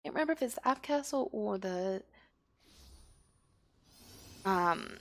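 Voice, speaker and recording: A woman streaming a game, thinking aloud and often trailing off quietly. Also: medium pitch, animated, slow pace. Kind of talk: casual gameplay commentary.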